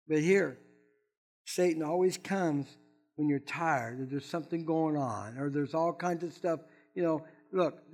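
A man preaching a Sunday sermon in a high-pitched voice. He talks animatedly and conversationally, throwing asides at the congregation. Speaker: pastor.

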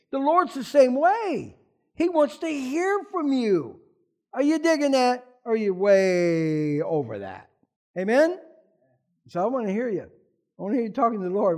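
A man preaching a sermon as pastor, animated, often asking the congregation questions. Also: high voice, moderate pace.

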